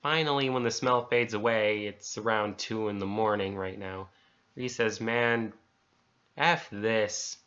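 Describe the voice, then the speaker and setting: A man's voice: fairly low pitch, pushed and bright, dull audio. A man casually reading a horror story aloud, swapping swear words for letters and euphemisms as he goes. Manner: conversational, self-censoring swears with letters.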